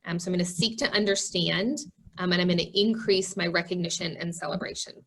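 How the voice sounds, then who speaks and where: A woman's voice: lowish voice, steady tone, a little fast, a bit bright, rough recording. A woman giving a leadership training webinar, earnest, with frequent "um"s. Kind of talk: webinar presentation.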